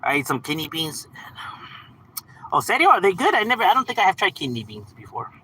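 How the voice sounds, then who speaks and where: A man's voice: sits high, wildly swooping pitch, brisk, pushed and bright, slight background noise, poor audio. A man hosting a livestream, reading out chat messages and answering in a laid-back, slangy, profane way with frequent laughs. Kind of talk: casual live chat.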